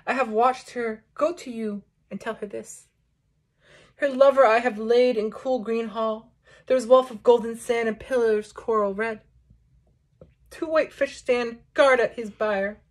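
The ocean as a slow solemn voice, a lady reading it out, kinda high. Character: the ocean, a vast sorrowful voice of the sea.

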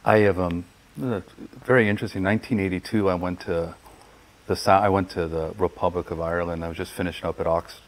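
Low-voiced halting male interviewer. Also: steady tone, low-quality recording. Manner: halting, with many restarts. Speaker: interviewer, professor. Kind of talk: casual interview.

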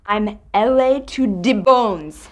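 A woman's voice: mid-range voice, slow, lightly acted. An actress in her twenties playing a defiant American daughter arguing with her parents. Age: 20s. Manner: defiant, exasperated.

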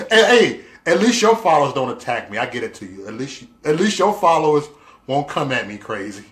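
A man's voice: medium pitch, sing-song, moderate pace, fairly bright tone, a little hiss or hum. Playful, teasing man on a livestream. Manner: playful and teasing, laughs often; loose, repetitive talk with slang fillers. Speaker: livestream host. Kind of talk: casual livestream chat reading viewer comments.

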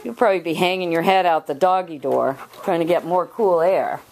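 A woman's voice: lowish voice, fairly quick. A woman talking to her dogs at home, alternately scolding and praising them in pet talk. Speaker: dog owner. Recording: loud dogs barking behind. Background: dogs barking.

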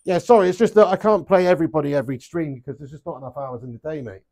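Rapid-fire and a little mellow, this young man's voice sits on the high side as he plays webcam darts live. He keeps up a chatty, joking banter, cursing freely and calling people lad and mate.

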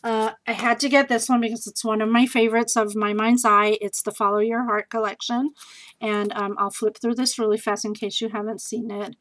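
A woman's voice: on the high side, flat delivery, fairly bright tone, low-quality recording. Gushing woman showing off craft supplies. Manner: bubbly and gushing, with many fillers and quick asides. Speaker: scrapbooking vlogger showing a craft haul. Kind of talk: casual haul video chat.

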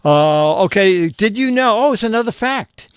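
A man's voice: high-pitched, lively intonation, normal speed, clear, resonant tone, no room sound, clean studio sound. A man hosting a casual streamed show, reading viewer answers aloud, fumbling through his papers and chuckling at the jokes. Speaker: show host.

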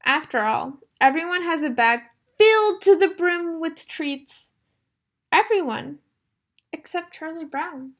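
High, unhurried teacher reading a storybook to young kids, asks them questions. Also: female voice. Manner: animated storyteller, gasps, asks the children questions. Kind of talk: reading a picture book aloud to young children.

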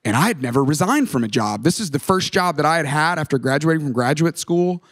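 Middle-aged male pastor on a stage mic in a church, storytelling style, a touch high-pitched, playful and conversational. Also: expressive, quick pace, fairly bright tone. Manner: conversational, self-deprecating humor, acts out quoted voices. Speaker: guest pastor. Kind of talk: sermon with personal storytelling. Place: large church auditorium. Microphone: stage microphone.

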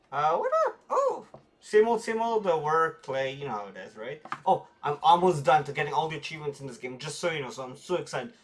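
A man streaming a video game, talking casually to his viewers and reacting excitedly as he plays. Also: a little high. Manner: excitable, talks to viewers while playing. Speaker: gaming streamer. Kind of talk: casual let's-play commentary.

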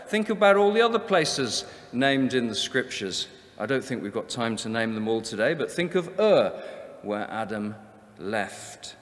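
Man giving a bible seminar, slow and emphatic, voice rising and falling a lot. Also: mid-range voice, fairly bright tone, long reverb tail. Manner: emphatic, rhetorical questions, measured repetition. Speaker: seminar speaker. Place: convention hall.

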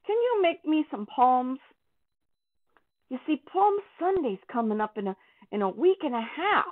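A woman's voice: high voice, very animated, a little slow, heavily acted. A woman voicing a friendly, chatty young boy puppet who cheerfully coaxes the children. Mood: eager. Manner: cheerful, coaxing, talks straight to children. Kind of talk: children's church puppet talk. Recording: tinny, phone-like sound.

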